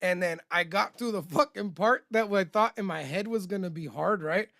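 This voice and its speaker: A man's voice: high voice, moderate pace, vocal fry, bright, forceful tone, no echo, studio quality. A man co-hosting a podcast, talking in loose, profane, rambling chat with many restarts. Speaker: podcast co-host. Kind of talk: casual chat.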